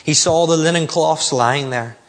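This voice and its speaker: A man's voice: a little high, normal speed, a bit bright. A man preaching a sermon, telling stories and acting out the lines he quotes. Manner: storytelling preacher, acts out quotes. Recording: long hall reverb.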